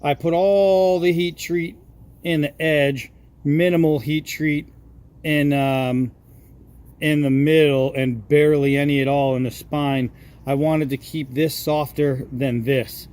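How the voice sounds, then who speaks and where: A man from Massachusetts, a knifemaker, casually showing off and explaining a knife he made, with relaxed chatter and frequent fillers. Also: on the high side, slow. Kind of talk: casual show-and-tell vlog.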